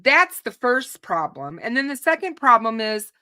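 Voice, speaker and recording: A woman hosting a true crime show, giving opinionated unscripted commentary to her audience, often restarting her sentences, her voice starting to go and clearing her throat. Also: a little high, sing-song, normal speed, sharp tone. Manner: opinionated, frequent restarts and repeated words. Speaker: true crime channel host.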